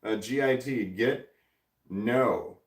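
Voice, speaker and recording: An American man hosting a casual livestream, reading viewer comments aloud and rambling, thinking out loud and trailing off. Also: medium pitch, takes it slowly, roomy sound, far from the mic. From United States. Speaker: livestream host.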